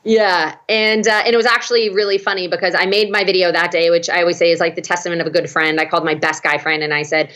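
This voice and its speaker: A young woman from Texas spins a story as a talk-show guest, her voice sitting a touch low. She talks in a casual, animated way and jumps up in pitch whenever she quotes someone. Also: fast, few pauses.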